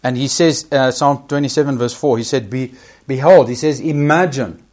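A man's voice: medium pitch, moderate pace, a little mellow. A man preaching a sermon, emphatic, repeating key phrases and rising sharply when he quotes scripture.

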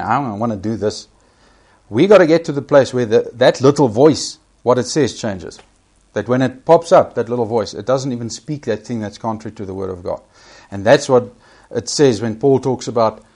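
A man's voice: medium pitch, darkish tone. A man preaching a sermon, emphatic, repeating key phrases and rising sharply when he quotes scripture.

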